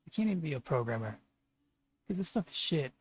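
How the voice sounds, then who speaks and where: A man with a husky voice talking to his stream as he codes, venting in frustrated, profane rants. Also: fairly high pitch, big pitch swings, fairly quick. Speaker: streamer programmer. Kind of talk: live coding stream commentary.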